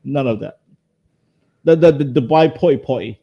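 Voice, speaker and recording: A man's voice: medium pitch, unhurried, lo-fi sound. A man in his thirties from Somalia, chatting casually on a livestream panel and repeating words when flustered. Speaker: panel guest.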